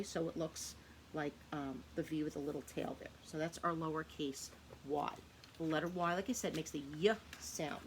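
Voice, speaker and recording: A woman's voice: low-pitched, moderate pace, a little hiss or hum. A woman teaching a phonics lesson to young children, patiently sounding out words and answering her own questions. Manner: asks questions and answers them herself.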